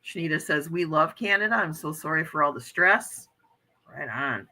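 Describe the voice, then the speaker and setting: An American woman in middle age hosts a relaxed livestream, chatting earnestly and reading her viewers' comments aloud. Her voice is very bright and slightly low-pitched. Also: moderate pace, low-quality recording. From United States. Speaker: livestream host reading chat. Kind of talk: casual chat.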